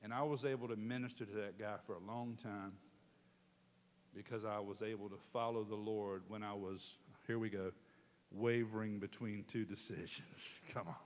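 A man preaching a storytelling sermon, animated and calling out to his congregation. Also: lowish voice, normal speed. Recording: long hall reverb.

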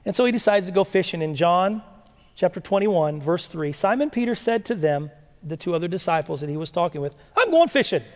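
A man preaching a sermon, reading scripture slowly and breaking in with lively rhetorical questions. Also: sits high. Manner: animated, rhetorical questions, dramatic slow readings. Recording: long echo of a large hall.

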